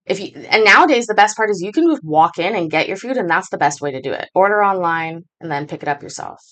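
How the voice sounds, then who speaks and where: A woman hosting a casual chat, telling rambling stories with lots of swearing. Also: lowish voice. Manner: rambling, profane storytelling. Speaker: stream host reacting to clips.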